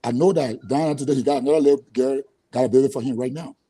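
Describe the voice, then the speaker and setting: Speaking heatedly as a guest on an interview, a Liberian-accented man uses a medium-pitched, warm voice with fairly even intonation at a quick pace, often stammering, restarting and repeating himself in anger. The low-quality recording carries a little hiss or hum.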